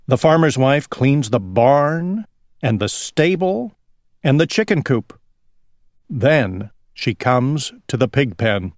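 A man reading a children's story aloud slowly for English learners, drawing words out. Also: medium pitch, no echo, clean studio sound. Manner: slow, lively, drawn-out reading. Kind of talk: slow storybook read-aloud.

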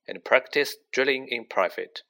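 A man reading a storybook aloud as narrator, with an expressive, varied delivery. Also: medium pitch, normal speed, creaky. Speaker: audiobook reader.

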